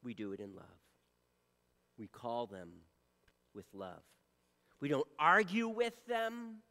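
A man preaching a sermon to his church. He shifts from loud appeals to soft, hushed lines. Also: mid-range voice, huge pitch swings, takes it slowly, big-room sound. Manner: earnest preaching, swings from loud appeals to soft near-whispers. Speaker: pastor.

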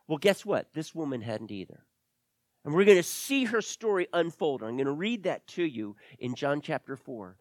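Emphatic preacher man, lively voice. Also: on the high side, moderate pace, no room sound. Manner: emphatic, repeats phrases for stress. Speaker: pastor. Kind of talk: sermon with scripture reading.

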